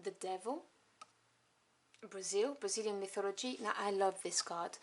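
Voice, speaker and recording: A woman casually reviewing a tarot deck at home, chatty and enthusiastic, with soft asides as she flips through the cards. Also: mid-range voice, normal speed. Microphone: camera on tripod. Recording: noisy home recording with clicks.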